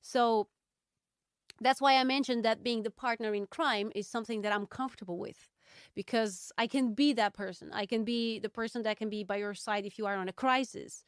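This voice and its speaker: A woman hosting a solo podcast, reflecting candidly and thoughtfully, with frequent ums and pauses. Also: a little high, fairly even intonation, clean tone, no room sound, studio quality. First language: Portuguese. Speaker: podcast host.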